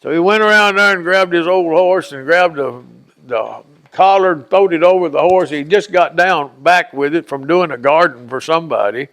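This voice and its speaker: An older man with a gravelly, rough-edged voice set a touch above the usual male pitch, spinning a rambling, folksy childhood tale. He slips into the voices of the people in his story as he goes. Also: moderate pace, fairly bright tone. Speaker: oral history interviewee.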